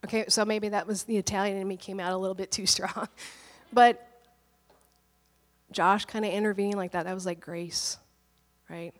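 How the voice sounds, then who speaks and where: A woman pastor in her thirties, slightly hoarse from a cold, telling a personal story in an animated, candid sermon. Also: mid-range voice, normal speed, pauses often, long reverb tail.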